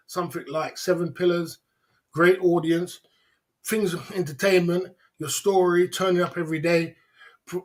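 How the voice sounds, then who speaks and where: A man's voice: high-pitched, darkish tone, husky. A man hosting a casual livestream, talking in a preachy, repetitive way full of rhetorical questions. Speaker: livestream host.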